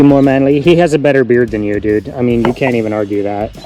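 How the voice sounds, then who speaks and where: A man's voice: medium pitch, fast talker, mellow, faint music behind. A man hosting a casual farm vlog, chatty and affectionate with his goats. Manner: chatty, affectionate with the animals, laughs easily. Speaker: goat farmer and channel host.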